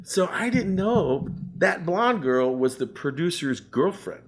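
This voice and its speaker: A man's voice: a little high, big pitch swings, slow, slightly rough. An older man, a musician guest in an interview, animatedly telling a story and acting out the voices of the people in it.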